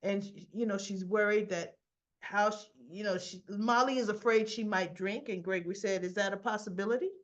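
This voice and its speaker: A woman's voice: mid-range voice, steady tone, normal speed, lo-fi sound. A woman hosting a casual soap opera recap, chatty and rambling as she talks through the episode. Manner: chatty, rambling, acting out the characters' lines.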